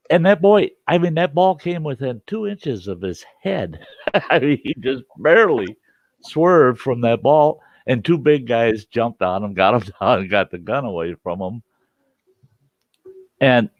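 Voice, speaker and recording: A man hosting a storytelling show, telling a tale in a folksy, animated way with salty language, on a dull, dry recording. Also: mid-range voice, no room sound. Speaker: storyteller host. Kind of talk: casual spoken storytelling.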